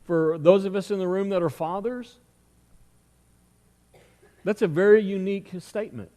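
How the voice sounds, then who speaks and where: Middle-aged male pastor, conversational storytelling sermon, slightly high voice, long hall reverb. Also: moderate pace, mellow. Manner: conversational storytelling with rhetorical questions. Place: church sanctuary.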